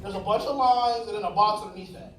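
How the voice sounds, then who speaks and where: A man's voice: high-pitched, quick pace, far from the mic, a little hiss or hum. A man doing a stand-up comedy set, telling crude, profane stories on a club stage. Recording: echoey club mic with loud crowd. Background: audience laughter.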